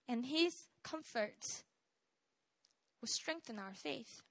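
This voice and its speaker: A woman's voice: sits high, lively intonation, unhurried, bright, forceful tone, no echo. A young woman preaching a sermon in an earnest, exhorting way, often checking in with her listeners. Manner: earnest and exhorting, with frequent "right?" asides.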